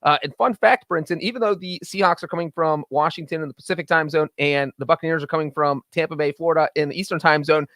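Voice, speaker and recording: A man's voice: on the high side, quick pace, hardly any pauses, fairly bright tone, dry recording, clean studio sound. A man co-hosting a casual football betting podcast, laying out his picks in confident, flowing arguments. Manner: confident, talks in full flowing points. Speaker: podcast co-host, NFL betting analyst. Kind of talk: casual sports betting chat.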